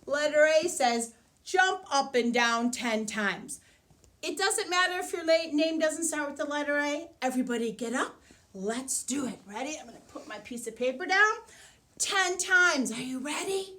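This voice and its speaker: A woman's voice: high-pitched, lively intonation, normal speed, sharp tone. A woman teaching a preschool class by video, cheerfully leading exercises and counting aloud with the children. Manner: cheerful sing-song, counting aloud with kids. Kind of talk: animated online lesson for small children.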